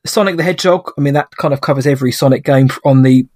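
A young man co-hosts a podcast in jokey, casual banter, laughing often. His medium-pitched voice is a little mellow and fast.

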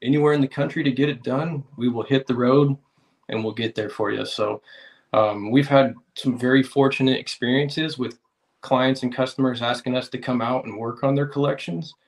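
A man's voice: medium pitch, fairly even intonation, moderate pace, gravelly. A man with an American accent, a guest on a podcast, speaking in a laid-back, reflective way. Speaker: podcast guest, car detailer. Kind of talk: casual podcast interview.

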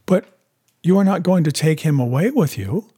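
A man reading aloud voices an earnest young wife who pleads emotionally in a raised, husky voice. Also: on the high side, lively intonation, normal speed, darkish tone, dry recording, clean studio sound, pitched above the performer's own voice. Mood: pleading.

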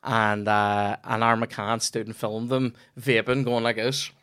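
A man's voice: lowish voice, little pitch movement, measured pace, a bit bright, smooth, no room sound, studio quality. A young man with a Northern Irish accent, a comedian hosting a podcast, telling stories in casual chat and swearing freely. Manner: rambling storyteller, swears freely.

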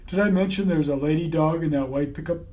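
A man voicing a dim, bashful male dog with long ears, speaking in a slow, hesitant drawl in an audiobook. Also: on the high side, warm tone, close to an everyday voice. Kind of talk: audiobook character voice.

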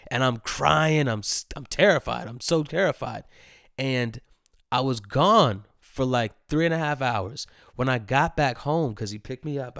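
A man's voice: mid-range voice, a bit bright, no room sound, studio quality. A man in his thirties hosting a casual solo storytelling show, laughing often and repeating phrases for effect. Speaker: host.

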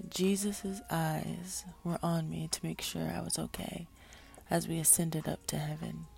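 A woman narrating a story in a hushed, breathy, gravelly voice. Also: sits low.

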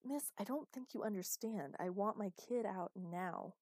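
A woman's voice: medium pitch, measured pace, darkish tone, slightly rough, no room sound, studio quality. Woman voicing a protective, fiery father. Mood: insistent, angry. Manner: urgent and insistent. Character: protective father, worried then furious.

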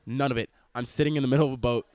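A young man talks fast and loose in a rambling, excitable podcast rant, cursing freely. His voice sits at an ordinary pitch and comes through close and dry, with no room sound around it. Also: dry recording. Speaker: podcast host. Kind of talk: casual podcast chat. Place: in public on a cruise ship. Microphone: wearing headphones, laptop recording.

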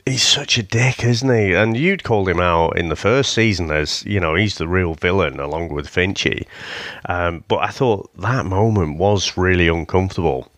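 A man's voice: deep voice, moderate pace, a bit bright, dry recording. A man co-hosting a podcast, chatting casually and easily about a comedy series, often seeking agreement with his co-host. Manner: easygoing, asking for agreement. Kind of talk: casual chat.

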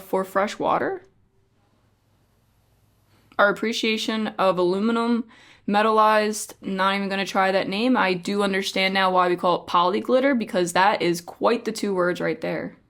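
A woman co-hosts a casual craft podcast, reading articles aloud and reacting as she goes. She teases her co-host and trips over long words. Her voice sits at an ordinary middle pitch. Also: fairly even intonation, normal speed, a bit bright. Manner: playful, teasing, stumbles over hard words.

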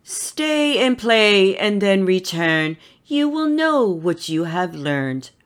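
Mother zebra, gentle and proud, storybook, voiced by a woman. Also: on the low side, very animated, slow pace, exaggerated voice.

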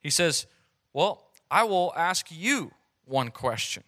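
A man preaching a sermon, telling scripture stories with animated acted-out dialogue and dropping to a soft hush on key lines. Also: on the high side, takes it slowly. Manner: animated storytelling, acts out quoted voices. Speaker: pastor.

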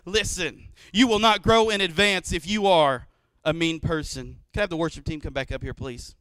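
A man in his thirties preaching a sermon in church, telling stories and acting out quotes with lively energy. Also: on the high side, normal speed, clear, resonant tone, no room sound. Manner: animated storytelling with acted-out quotes. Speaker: pastor.

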